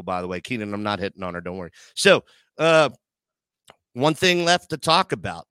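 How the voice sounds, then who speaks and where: A man's voice: lowish voice, expressive, a little fast, bright, forceful tone, smooth, no room sound. A man hosting a casual live chat show, joking crudely and getting sentimental with his audience. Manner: joking, crude banter, emotional asides. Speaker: podcast host.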